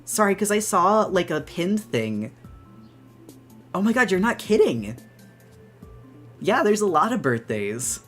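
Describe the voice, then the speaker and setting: Brief: young woman streamer, bubbly and gushing, lively up-and-down pitch, faint music underneath. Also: measured pace, pauses often. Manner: bubbly, gushing, rambling with restarts. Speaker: VTuber streamer. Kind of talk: excited casual live-stream chat.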